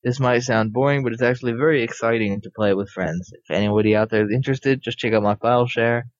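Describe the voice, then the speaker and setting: A man's voice: medium pitch, fast, no echo, highs cut off. A young man co-hosting a gaming podcast, reading listener mail with a hesitant, stumbling delivery. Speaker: podcast co-host. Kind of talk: casual chat, reading listener emails.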